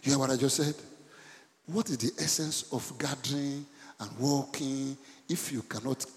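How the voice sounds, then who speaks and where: A middle-aged man, preaching a sermon in animated bursts and asking the congregation questions. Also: normal speed. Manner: animated preaching with sudden high bursts and call-and-response questions. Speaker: pastor. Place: church hall. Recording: church hall with long reverb.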